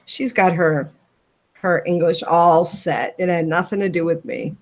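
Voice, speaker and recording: A woman's voice: fairly low pitch, fairly even intonation, a little slow. A woman co-hosting a casual livestream chat, talking loosely with many fillers and restarts. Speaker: podcast co-host.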